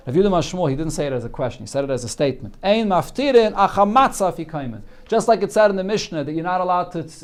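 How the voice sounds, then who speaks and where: Talmud teacher man, higher-pitched voice. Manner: explains Aramaic text line by line with many fillers. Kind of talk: daily Talmud class.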